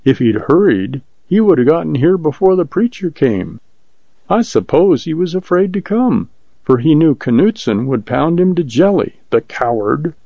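Frightened young woman, high and pleading, read by a male narrator; muffled lo-fi sound. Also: very animated, moderate pace, gravelly, no echo, full character voice. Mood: resentful. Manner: pleading, fearful. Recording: dull lo-fi recording.

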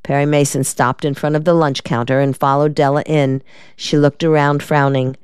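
A woman hosting a reading program, narrating an audiobook in a calm, measured way. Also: deep voice, smooth, no echo, clean studio sound. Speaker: program host and reader.

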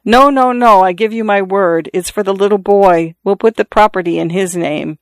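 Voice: medium pitch, moderate pace, no room sound, close to an everyday voice. A reader voicing a grieving, emotional young mother in an audiobook story, pleading and tearful. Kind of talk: audiobook character reading.

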